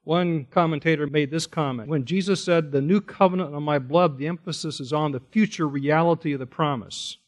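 Male preacher with a somewhat high voice, leading an expository sermon, pointed and emphatic. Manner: emphatic, slows down and stresses key words; asks rhetorical questions of listeners. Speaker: pastor. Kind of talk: expository Bible teaching sermon.

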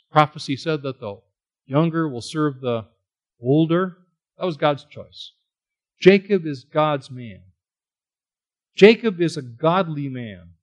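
A man teaching a Bible study sermon, animated and asking the listeners questions as he stresses key words. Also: on the high side, muffled recording. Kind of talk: expository sermon.

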